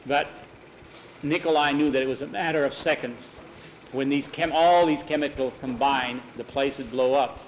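A man's voice: medium pitch, steady tone, moderate pace, a little hiss or hum, poor audio. A man telling an adventure story aloud in a plain spoken way, with some restarts. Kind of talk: dramatic oral storytelling.

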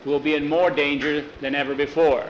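A man storyteller voicing a calm, persuasive wagon-train leader who reasons with a crowd. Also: a little high, fairly quick, highs cut off, a little hiss or hum, lightly acted.

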